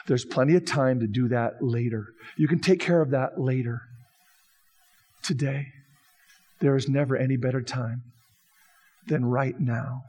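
A man's voice: mid-range voice, measured pace, pauses often, mellow, breathy edge. A man preaching a sermon as pastor, building emphasis through repeated phrases. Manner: preaching with rising emphatic repetition.

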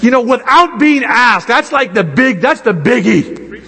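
A man preaching a sermon to students, animated and emphatic, stretching out key words and acting out little scenes. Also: extremely high pitch, creaky, breathy edge. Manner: animated, drawn-out emphatic preaching with acted asides. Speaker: pastor. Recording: long hall reverb.

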